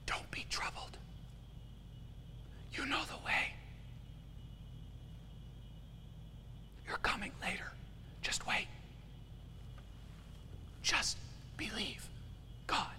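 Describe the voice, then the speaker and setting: A man voicing the Holy Spirit in a whispered role-play, soft and calm. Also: high-pitched, takes it slowly, long pauses, in a large hall, pitched above the performer's own voice, exaggerated voice. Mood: gentle.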